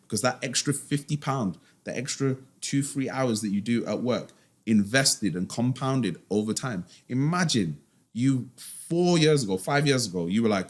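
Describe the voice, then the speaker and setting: A man's voice: mid-range voice, animated, normal speed. A man, a finance guest in a casual podcast interview, talking emphatically and firing off rhetorical questions in a slangy way.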